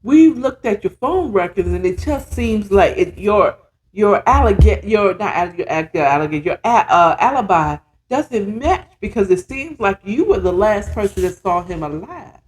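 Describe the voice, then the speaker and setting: A woman's voice: mid-range voice, expressive, normal speed, a little mellow, slight background noise, close to an everyday voice. A woman voicing a male police investigator who stumbles over his words in an official tone. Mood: matter-of-fact.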